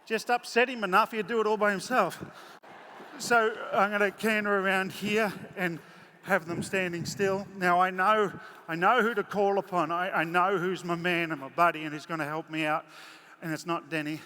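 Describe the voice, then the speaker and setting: A man's voice: high-pitched, fairly even intonation, moderate pace, sharp tone. A man giving a live horse-training demonstration in a large arena, chatting folksily and doing playful voices for his horses. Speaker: horse clinician. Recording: echoey arena with faint crowd noise.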